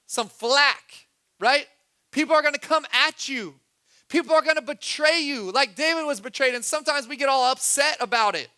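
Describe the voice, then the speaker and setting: High-voiced man preaching a sermon. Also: clean tone. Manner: preaches with swings between soft low asides and loud urgent pushes. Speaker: pastor.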